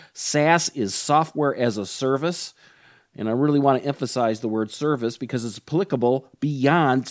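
A man hosting a sales podcast interview, energetic and enthusiastic. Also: medium pitch, no echo, clean studio sound. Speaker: podcast host.

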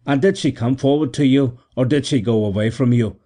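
A man's voice: mid-range voice, brisk, mellow, lightly acted. A man reading the part of a good-natured innkeeper who exclaims and scolds in a raised voice. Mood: curious. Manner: exclaiming, chiding, curious.

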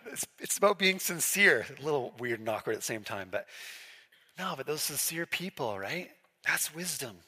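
A pastor with a mid-range, sing-song voice and sharp tone preaches a sermon at a moderate pace. He keeps it conversational and chatty, often putting questions to the congregation. The recording is in an echoey hall with long reverb.

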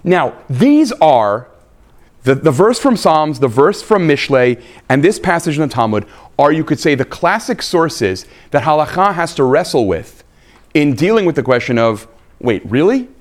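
A man, a rabbi giving a live lecture, emphatic and animated, checking in with his listeners with frequent "right?" and "okay?". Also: fairly high pitch, moderate pace.

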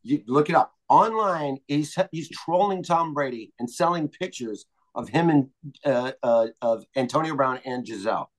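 A man's voice: medium pitch, lively intonation, moderate pace. A man co-hosting a casual chat, ranting indignantly about a news story.

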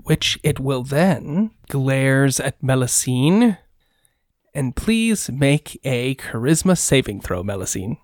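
A game master narrating a tabletop fantasy game in a measured, descriptive way. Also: medium pitch, very animated, a little mellow, dry recording, clean studio sound.

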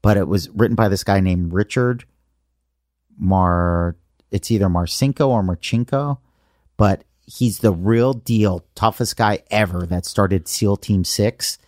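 Lowish voice guy in his 40s hyping up stories on a podcast, super dry close sound. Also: fairly even intonation, a little slow, darkish tone, no echo. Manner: enthusiastic storytelling. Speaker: podcast host. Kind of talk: casual chat.

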